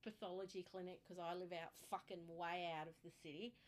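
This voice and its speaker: A woman's voice: fairly low pitch, steady tone, brisk. A woman chatting casually, telling blunt, candid stories with crude humor. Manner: frank, candid storytelling with crude humor and lots of laughter. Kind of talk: casual chat.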